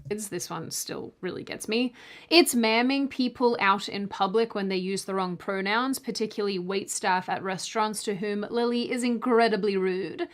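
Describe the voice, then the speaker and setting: A woman's voice: mid-range voice, moderate pace. A woman hosting a scripted commentary video, sarcastic, with jokey asides and mock apologies.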